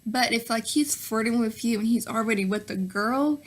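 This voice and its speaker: A woman's voice: on the high side, normal speed. Chatty young Southern woman vlogger. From Nashville, Tennessee. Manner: chatty, full of fillers and "girl", "sis", "y'all"; laughs often between answers. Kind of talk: casual Q&A vlog.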